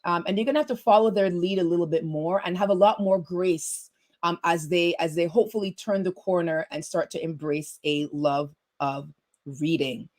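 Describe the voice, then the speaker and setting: A woman's voice: lowish voice, normal speed, a little mellow. A middle-aged woman hosting a parenting podcast in a chatty, casual way, often repeating words as she starts a thought. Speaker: podcast host.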